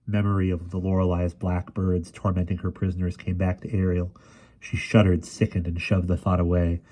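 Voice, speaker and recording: A man reads a fantasy novel aloud in a steady, measured way. His voice sits low and sounds dark and mellow. Now and then he restarts a word and carries on. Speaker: reader. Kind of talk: audiobook narration.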